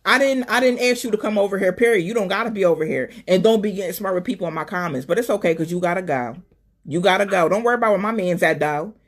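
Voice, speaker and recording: A woman hosting a live call-in stream, talking casually and sassily, calling people honey and baby, swinging between loud and soft. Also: medium pitch, quick pace. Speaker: live show host.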